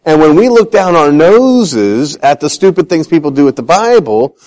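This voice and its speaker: A man's voice: on the high side, normal speed, rough recording. A man preaching a sermon, telling Bible stories with self-deprecating humor and acting out the voices he quotes. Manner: animated, acts out quoted voices.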